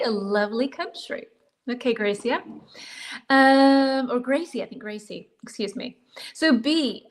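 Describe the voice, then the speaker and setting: An American woman hosting a live English lesson, chatting warmly with viewers and greeting them by name. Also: on the high side. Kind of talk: live-stream lesson, reading chat comments.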